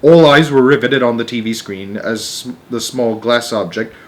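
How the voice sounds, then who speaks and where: A man reading a children's book aloud as a storyteller, with an animated delivery. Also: medium pitch, normal speed.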